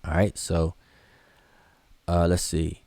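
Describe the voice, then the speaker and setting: A man's voice: sits low, monotone, slow, a little mellow, no room sound. A man teaching a live online class, explaining loosely and conversationally with frequent restarts and fillers as he answers viewer questions. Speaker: hieroglyphics teacher.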